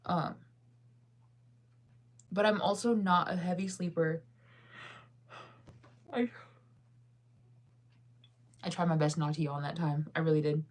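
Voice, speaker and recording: Sleepy thirties lady rambling on, like, every other word, kinda low voice. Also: steady tone, takes it slowly, long pauses. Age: 30s. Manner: rambling, heavy use of "like". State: tired and yawning. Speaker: vlogger reading live chat. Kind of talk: casual chat.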